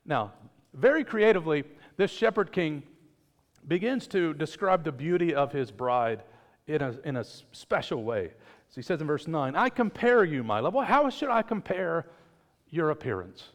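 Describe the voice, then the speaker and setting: A man's voice: a little high, big pitch swings, moderate pace. Man preaching in a reverberant church. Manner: conversational preaching with joking asides. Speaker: pastor. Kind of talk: sermon. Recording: long reverb of a church hall.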